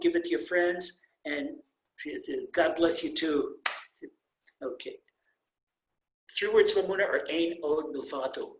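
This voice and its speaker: Man teaching a Torah class over a roomy video call. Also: fairly high pitch. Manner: animated, repetitive emphasis, mixes Hebrew terms into English. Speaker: rabbi teaching a weekly class. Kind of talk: informal Torah class with storytelling. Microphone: computer mic on a video call.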